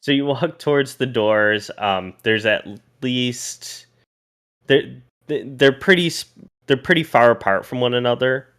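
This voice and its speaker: A man narrating a tabletop role-playing game as game master, pausing and restarting as he describes each scene. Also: medium pitch, a bit bright, smooth.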